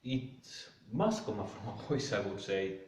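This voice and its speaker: Low-voiced guy going thru a text line by line, far off in a roomy room. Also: big pitch swings, slight background noise. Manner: careful, halting, rereads passages aloud. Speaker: reading group leader. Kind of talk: slow close reading and discussion. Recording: roomy, distant mic.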